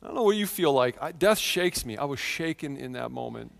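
A man in his thirties preaching a sermon in a church, telling a personal story with earnest feeling and swings from quiet to loud. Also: medium pitch, expressive, a little fast, gravelly, big-room sound. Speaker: pastor.

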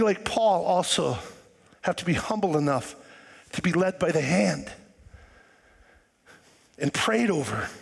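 A pastor with a very high, husky voice delivers his sermon to a church. His pitch jumps around lively as he questions the congregation and slips into acted voices. A long hall reverb trails behind every line.

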